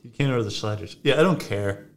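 A young man co-hosting a casual comedy chat, insistent and deadpan with quick jokes. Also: on the low side. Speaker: podcast co-host.

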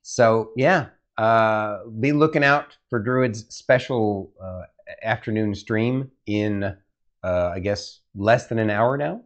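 A man's voice: lowish voice, takes it slowly. A man hosting a casual podcast chat, rambling with many fillers and restarts. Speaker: host.

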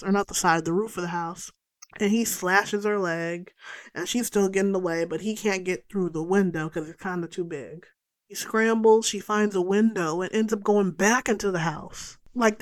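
A woman hosting a casual film recap, exasperated and sarcastic, swearing freely and jumping to high exclamations. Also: no room sound. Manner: lively, jumps to high exclamations. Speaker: podcast host recapping a film.

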